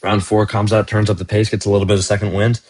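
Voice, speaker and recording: A deep-voiced man talks through fight results in a loose, casual vlog. He is excitable and slangy, and he keeps dropping "man" and "bro" as he goes. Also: fast talker. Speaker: fight commentary YouTuber.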